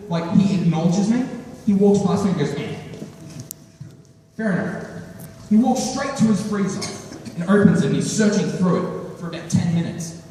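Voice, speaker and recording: A teenage boy performing a stand-up routine, telling a story with animated delivery and acting out lines. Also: high voice. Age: teens. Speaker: student comedian. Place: school hall. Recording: echoey hall from far off.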